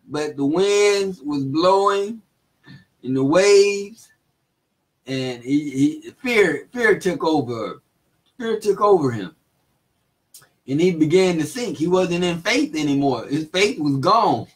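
Slow, chuckling man teaching scripture. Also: high-pitched, expressive, rough recording. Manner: reads verses, retells them in plain speech, chuckles often. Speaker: bible teacher.

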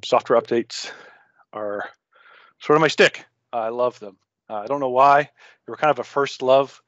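A man presents to a user group over a video call, talking in a loose, rambling way and cracking jokes. His mid-pitched voice comes through dry and a little dull, like lo-fi online call audio. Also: a bit bright, dry recording. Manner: rambling, self-interrupting, joking. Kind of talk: casual technical talk.

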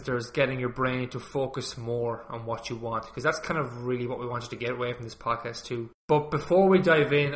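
A podcast host introduces his guest in a loose, chatty way, full of restarts and fillers. His voice is medium-pitched and fairly bright. The recording has a roomy echo with faint music and sounds slightly dull.

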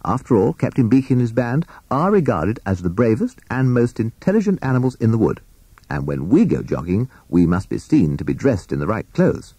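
A man voicing a proper, pompous male owl in a storybook, in a slow, measured way. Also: lowish voice, big pitch swings, mellow, slightly rough, no echo, voice pushed up, heavily acted. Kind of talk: storybook character voice.

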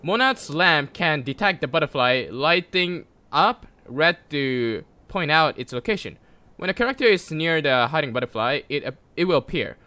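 A man giving casual gameplay commentary, excitable and jokey, talking to the game characters and yelling at sudden moments. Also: fairly high pitch, normal speed, no echo. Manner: jokey, mock-sarcastic. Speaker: gameplay video creator.

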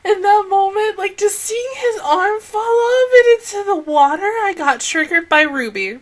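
A woman's voice: very high-pitched, expressive, a little slow. A woman hosting a casual anime reaction, emotional and tearful, exclaiming and swearing often. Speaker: anime reaction channel host.

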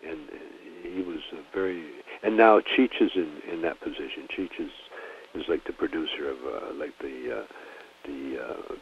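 A man's voice: low voice, lively intonation, moderate pace, creaky, slight background noise. A man, a comedian guest in a casual phone interview, talking in a rambling, laid-back way full of restarts and "you know". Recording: tinny phone line.

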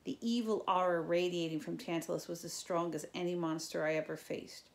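Teacher lady reading a book aloud to her class, friendly, kinda gravelly. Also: on the low side, fairly quick. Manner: casual, friendly, expressive reading. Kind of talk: chapter read-aloud for students.

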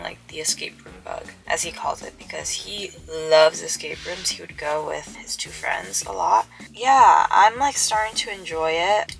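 Bright, gravelly-edged young woman vlogger. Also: lowish voice, low-quality recording. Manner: animated, drops to whispers for suspense. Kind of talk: casual storytelling vlog.

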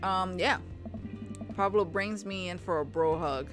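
A young woman casually commenting on a video game as she reads its dialogue aloud, chatty and quick to react. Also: fairly low pitch, a bit bright, faint music behind. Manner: chatty, reacts with laughs and exclamations. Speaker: let's play gamer.

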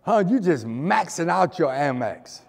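A man's voice: fairly high pitch, sing-song, a little slow, vocal fry, long reverb tail. A male pastor preaching a fervent sermon, repeating phrases and hurling rhetorical questions at the congregation. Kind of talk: fiery sermon. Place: church sanctuary.

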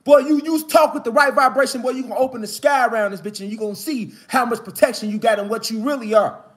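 A man preaches outdoors in the mountains. His talk is casual, profane and slangy, and it keeps climbing into fired-up shouts. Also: very high voice, fast, breathy edge. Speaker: spiritual commentator.

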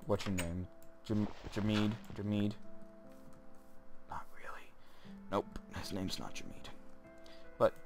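A young man rambling goofily as he comments on his gameplay, joking at his own expense and talking straight to his viewers, his voice jumping up high when he gets excited. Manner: goofy, self-mocking, talks to viewers, voice jumps up when excited. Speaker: gaming channel host.

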